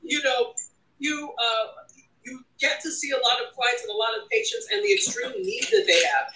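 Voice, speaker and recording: Woman panel guest, high and lively, emphatic, recorded echoey and off-mic. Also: moderate pace, distant mic. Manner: animated, emphatic, restarts often. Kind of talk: casual panel discussion.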